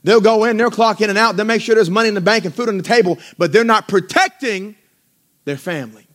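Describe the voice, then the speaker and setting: High-voiced preaching man. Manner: preaching with rising emphasis and slow, drawn-out punchlines; conversational asides with self-deprecating laughs. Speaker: pastor. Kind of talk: sermon.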